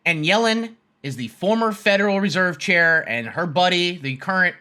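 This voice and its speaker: A man's voice: high voice, animated, normal speed, sharp tone. A man hosting a stock trading stream, ranting bluntly and casually, swearing and repeating his points. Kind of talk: casual rant.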